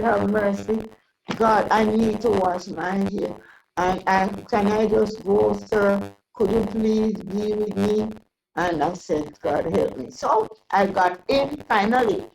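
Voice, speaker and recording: An older woman telling a long personal story in an interview, rambling and halting with many restarts. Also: medium pitch, gravelly, a little mellow, poor audio. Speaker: interview guest. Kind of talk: casual storytelling.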